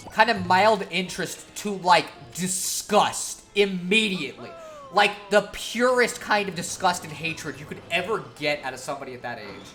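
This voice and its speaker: A woman's voice: fairly low pitch, a bit bright. A woman streamer telling a long story in a casual, profane, laughing way.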